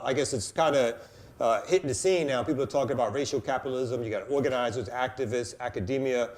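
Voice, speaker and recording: A man co-hosting a casual podcast chat, giving loud, hyped introductions and cursing freely. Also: mid-range voice. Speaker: co-host.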